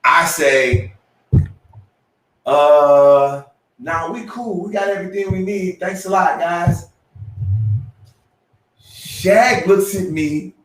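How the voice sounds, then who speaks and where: A man co-hosting a podcast, telling a story with lively acted-out quotes and sudden jumps in pitch. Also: slow pace, long pauses, far from the mic. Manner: excitable, acts out quotes with big pitch jumps. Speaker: podcast co-host. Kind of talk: animated storytelling. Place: room at a live podcast show. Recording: roomy, from off the mic.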